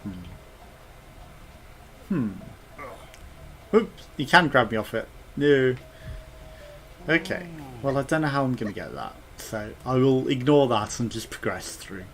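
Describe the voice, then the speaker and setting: A man talking his way through a video game in casual commentary, his pitch bouncing up and down as he reacts. He thinks aloud and drops quiet muttered asides between the bigger moments, with a faint hiss in the background. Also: lively intonation, unhurried, long pauses. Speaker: let's play gamer.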